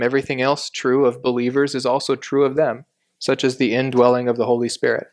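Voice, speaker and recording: A man teaching an expository sermon, explaining scripture in a measured way and stressing key words. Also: mid-range voice. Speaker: Bible teacher.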